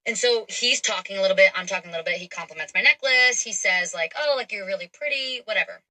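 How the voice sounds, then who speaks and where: Young woman, casual storyteller, chatty with lots of fillers, sharp bright voice. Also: medium pitch, fast, low-quality recording. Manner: chatty, animated, frequent fillers. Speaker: storyteller in a played clip.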